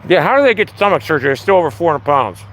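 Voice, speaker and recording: A man's voice: a little high, very animated, rapid-fire, fairly bright tone, a little hiss or hum. A man talking casually on a live stream outdoors, ranting with lots of swearing. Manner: profane, ranting.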